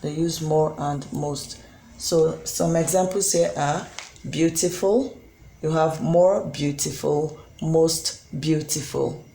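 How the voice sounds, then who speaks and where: An English tutor giving a recorded grammar lesson, slow and deliberate, spelling out letters and pausing on frequent ums. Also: mid-range voice, fairly even intonation, gravelly, dark tone. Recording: roomy echo with faint background hum.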